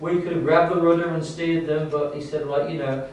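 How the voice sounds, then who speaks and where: A man's voice: on the high side, steady tone, a little mellow, slight background noise. Echoey distant man preaching. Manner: halting, full of restarts and fillers, rising to fervent emphasis. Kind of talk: sermon. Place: church. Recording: echoey church hall, distant mic.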